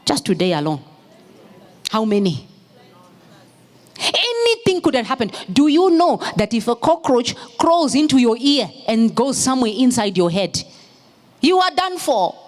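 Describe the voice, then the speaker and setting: A woman preaching a sermon in church, moving from storytelling into fervent, shouted exhortation. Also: on the high side, very animated, measured pace, long pauses. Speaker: pastor's wife preaching.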